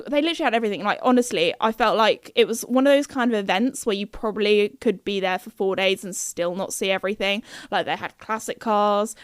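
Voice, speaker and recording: A young woman hosts a podcast, chatting in a bubbly, rambling way packed with fillers. Her voice is a little high, and the recording is dry and studio quality.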